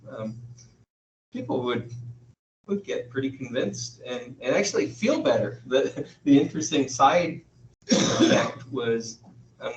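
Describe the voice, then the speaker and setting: A male lecturer talks slowly to his class, pausing often as he thinks aloud. He is picked up from across an echoey classroom on a dull, distant mic, with a faint hum of room noise. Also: medium pitch. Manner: halting, thinking aloud with frequent pauses. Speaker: university lecturer.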